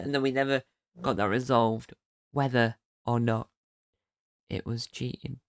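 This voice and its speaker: A man's voice: mid-range voice, moderate pace, vocal fry, no echo, clean studio sound. Rambling man hosting a solo podcast. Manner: rambling, often correcting himself mid-sentence. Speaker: podcast host. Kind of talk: casual solo episode recap.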